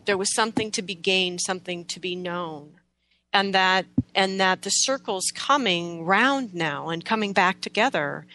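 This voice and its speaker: Bright-voiced earnest woman. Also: lowish voice, moderate pace, a little hiss or hum. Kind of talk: reflective conversation.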